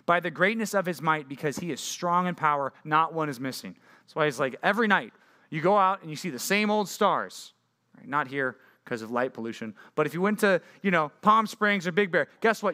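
Young male youth pastor, bright forceful tone, lively conversational sermon style. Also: on the high side. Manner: animated, conversational preaching with rhetorical questions. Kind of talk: sermon to junior high students.

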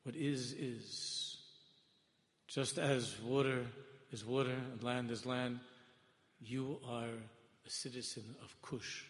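Male rabbi preaching a Torah class with passion, dropping to quiet intensity, Hebrew terms throughout, recorded with long reverb. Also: medium pitch, fairly even intonation, slow pace. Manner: impassioned, rising to loud emphasis then dropping to hushed tones; mixes Hebrew and Yiddish terms into English. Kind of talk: sermon-style Torah lecture.

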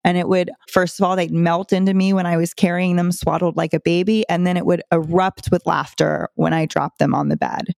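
A woman's voice: fairly low pitch, level tone, fairly quick, gravelly, few pauses, a little mellow, dry recording, studio quality. A woman hosting a parenting podcast, giving casual advice in a conversational way with chuckles between stories.

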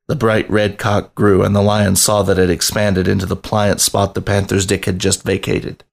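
A man reading a story aloud on a podcast, narrating in a steady, even voice. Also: fairly low pitch, normal speed, vocal fry, hardly any pauses.

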